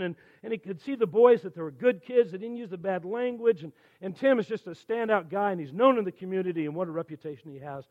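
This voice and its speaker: A man in his sixties, a church elder, telling conversion stories in a folksy, animated sermon. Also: very high voice, quick pace, highs cut off. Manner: animated, folksy storytelling with quoted dialogue. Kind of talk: storytelling sermon.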